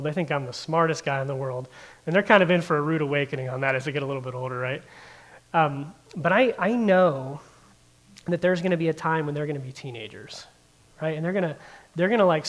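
Male pastor, 30s, slightly raised pitch; chatty, conversational preaching style with constant fillers. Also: fast, fairly bright tone. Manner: conversational, heavy use of "like" fillers. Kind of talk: casual sermon. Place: in front of a room of listeners.

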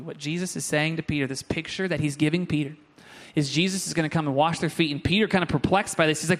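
A young man with a fairly high voice delivers a sermon in a church. He teaches earnestly and turns to the congregation with quick, joking asides. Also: fairly bright tone. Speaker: pastor. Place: church sanctuary.

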